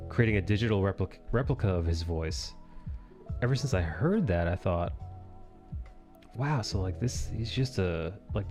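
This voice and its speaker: A man's voice: lowish voice, darkish tone. A man hosting a drawing live stream, chatting casually in a rambling, profane way that keeps correcting itself. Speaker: live-stream host and comic artist.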